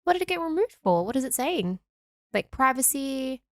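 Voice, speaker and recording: A woman co-hosting a podcast, giggling often and reacting with playful quick interjections. Her voice sits a little high. The recording is close and dry. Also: big pitch swings, dry recording. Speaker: podcast co-host. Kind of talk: casual chat.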